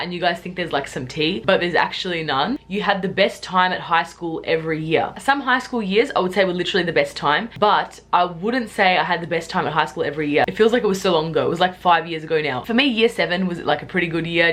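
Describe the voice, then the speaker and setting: A young woman talks straight to her viewers in a loose, chatty vlog style. Her speech is filled with "like" and quick asides. Her voice sits slightly low for a woman. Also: a bit bright. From Australia. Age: young adult. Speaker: YouTuber. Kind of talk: casual chat to camera.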